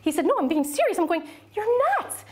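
A woman in her forties giving a lively, self-mocking workshop talk to a small church audience from a podium, acting out the voices she quotes. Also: very high voice, racing. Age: 40s. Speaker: workshop speaker on children's ministry.

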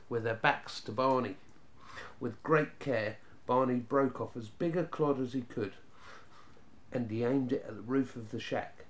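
A man narrating a children's storybook in a steady, even reading voice. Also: mid-range voice.

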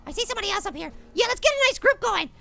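A performer voicing a tiny, jumpy male apple in a pitched-up cartoon voice, commenting excitably on a horror game and shrieking in panic. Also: racing, gravelly, full character voice. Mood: cheery. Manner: excitable, loud panicked shrieks and repeated words. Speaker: gameplay commentator. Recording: game music under the voice.

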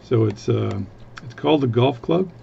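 Man, from Canada, watchmaker, casual rambling chat, gravelly, faint background noise. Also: mid-range voice, expressive, moderate pace, warm tone, highs cut off. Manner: rambling, self-interrupting.

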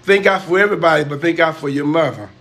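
High-voiced older man, preachy and defensive. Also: fast talker, a bit bright, reverberant. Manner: defensive, preachy, repeats himself. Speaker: uncle on a livestream. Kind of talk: casual livestream banter.

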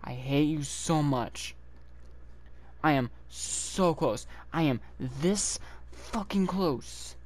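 Slow, fuming gamer man ranting. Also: a little high. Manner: furious, profane, repeats himself; slow, drawn-out emphasis. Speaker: gamer venting at his audience. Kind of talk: angry gameplay rant. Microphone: console game-capture commentary mic.

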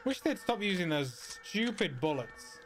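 A man's voice: sits high, sing-song, unhurried, a little hiss or hum. A man giving casual, wry commentary while playing a video game, muttering dry asides to himself. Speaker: let's play gamer.

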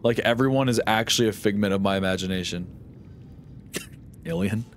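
A man's voice: fairly low pitch, moderate pace, slight background noise. A young man streaming a game live, chatting in a rambling, jokey, sarcastic way. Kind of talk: casual live-stream chat while gaming.

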